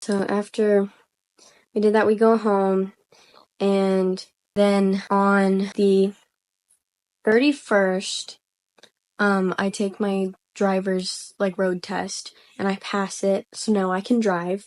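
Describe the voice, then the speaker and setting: Soft-spoken young woman, casual storytime, rambling, hesitant, lots of fillers. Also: mid-range voice, flat delivery, slow pace. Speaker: vlogger.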